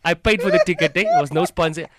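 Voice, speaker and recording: Animated South African comedian, high voice. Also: male voice, fast talker, background noise. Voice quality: laughs often, acts out voices. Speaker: comedian guest. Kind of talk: animated comic storytelling.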